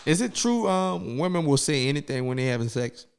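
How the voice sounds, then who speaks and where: A man in his twenties hosting a podcast, chatting casually and teasing his guest with quick questions. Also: a little high, animated, gravelly, clean tone. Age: 20s. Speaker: podcast host.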